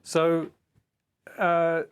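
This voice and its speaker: A man hosting a podcast, asking his guest thoughtful questions at a measured pace. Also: a little high, monotone, smooth. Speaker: podcast host. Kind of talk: interview questions.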